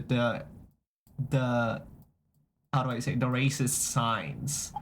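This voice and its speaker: A man's voice: medium pitch, fairly bright tone, slight background noise. A young man streaming, chatting casually, reacting to chat and repeating and restarting his phrases as he goes. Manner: reacts to chat messages aloud.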